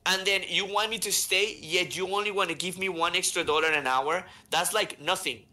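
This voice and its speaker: A man hosting a podcast, telling stories in an animated, chatty way and often checking in with "right?". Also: sits high, normal speed. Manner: animated, keeps asking "right?". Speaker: podcast host. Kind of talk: casual storytelling chat.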